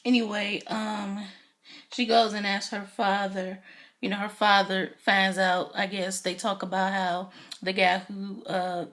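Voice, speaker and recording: Woman vlogger, casual TV recap, talkative and excited, frequent ums. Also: medium pitch, measured pace. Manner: chatty, enthusiastic, filler-heavy. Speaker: YouTube TV recap reviewer.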